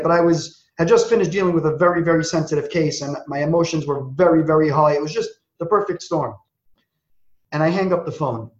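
A man telling a personal story as an interview guest, acting out the dialogue in quick, animated bursts. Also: fairly high pitch. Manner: acts out quoted dialogue, talks in quick bursts. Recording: echoey, dull lo-fi sound.

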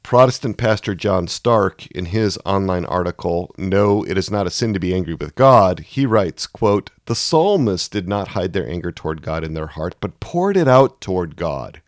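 A man giving a sermon, reading scripture passages aloud with rising anguished intensity between calmer explanations. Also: deep voice, normal speed, hardly any pauses, no echo, clean studio sound. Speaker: preacher.

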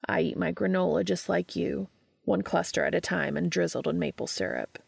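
A gentle, earnest man, as a woman storyteller reads him speaks in a soft, half-whispered way. His voice sits low with a gravelly edge, close and dry. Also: moderate pace, dry recording, full character voice. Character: gentle, earnest adult man, tender and apologetic.

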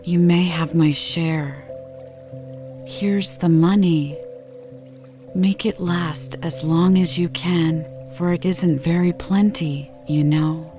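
A woman reading the lines of a gentle, sensible older sister in an audiobook, kind and calm. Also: lowish voice, slow, soft background music. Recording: slightly dull lo-fi recording.

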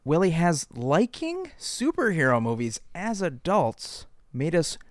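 A man co-hosting a casual comedic chat, cutting in with quick jokes and references. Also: fairly high pitch, wildly swooping pitch, no echo. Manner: quick joking interjections. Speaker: podcast co-host.

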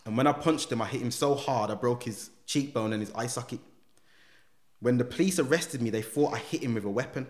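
A man's voice: medium pitch, fairly quick. A young man telling a story in casual chat. He acts out the other people's voices and uses slang. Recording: echoey room.

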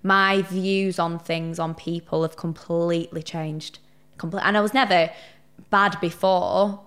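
A young woman telling stories in a casual interview chat, animated and swearing freely. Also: on the low side. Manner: chatty, animated storyteller who swears casually. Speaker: podcast guest.

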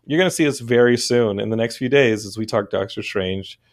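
A man hosting a podcast, telling stories in casual chat, animated and often laughing. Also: fairly low pitch, brisk, dry recording. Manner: animated, laughing, swearing storyteller. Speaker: podcast host.

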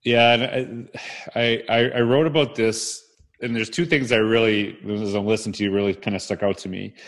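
A man's voice: lowish voice, steady tone, moderate pace, fairly bright tone. Podcast host, a reflective man. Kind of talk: casual interview chat.

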